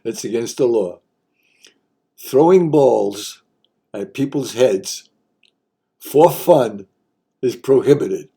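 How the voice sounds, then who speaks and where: A man's voice: medium pitch, animated, slow pace, gravelly, long pauses, dark tone, breathy edge. An older man hosting a casual explainer, talking in a folksy, wry way with joking asides. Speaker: host.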